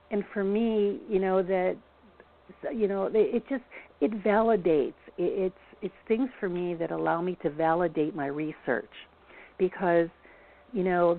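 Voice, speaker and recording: A woman local historian telling a story in a rambling, casual way, full of restarts. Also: fairly low pitch. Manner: rambling, many restarts and fillers. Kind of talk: casual storytelling on a phone-in show. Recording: tinny phone line.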